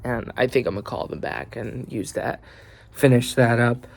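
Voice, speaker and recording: A man's voice: medium pitch, steady tone, normal speed, vocal fry, a little hiss or hum. A young man telling an angry, rambling story in a casual vlog, heavy with swearing and fillers. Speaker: vlogger.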